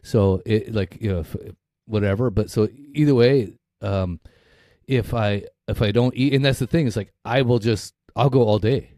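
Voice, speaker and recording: A man's voice: lowish voice, moderate pace, mellow, dry recording, clean studio sound. A middle-aged man co-hosting a podcast in casual, rambling chat, swearing freely and laughing often. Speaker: podcast co-host.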